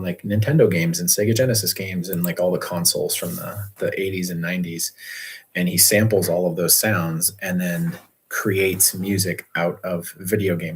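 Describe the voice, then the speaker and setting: A man's voice: deep voice, gravelly, husky. A man, an author hosting his own livestream, chatting casually and rambling with lots of restarts about his audiobook.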